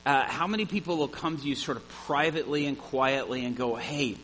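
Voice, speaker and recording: A man preaching a sermon, telling a story with animated energy. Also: medium pitch, a little fast, slight background noise, rough recording. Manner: animated storyteller, shouts at the climax.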